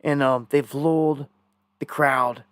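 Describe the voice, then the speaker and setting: A man's voice: mid-range voice, fairly even intonation, slow pace, a bit bright, smooth, dry recording, studio quality. Indignant man ranting on a live stream. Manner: rambling, indignant, conspiratorial. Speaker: live news commentator.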